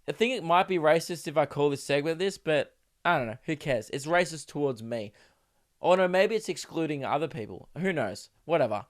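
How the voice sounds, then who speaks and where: His voice is a little high, expressive and a little fast. This young Australian man hosts a podcast while sick and coughing, ranting casually on his own in a rambling, self-interrupting way, swearing a lot and acting out quoted voices.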